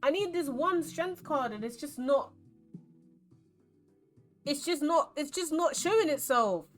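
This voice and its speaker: A woman's voice: high voice, measured pace, soft background music. A young woman from London with a London accent, chatting and rambling as she plays a card game on stream. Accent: London English. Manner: chatty, rambling, animated storytelling. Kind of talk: casual chat while playing a card game.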